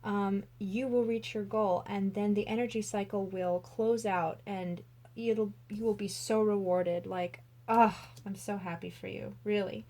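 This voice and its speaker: A woman's voice: medium pitch, steady tone, a little slow, dark tone. A young woman giving a casual tarot reading to camera, gushing and emotional, full of "like" fillers. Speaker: tarot reader.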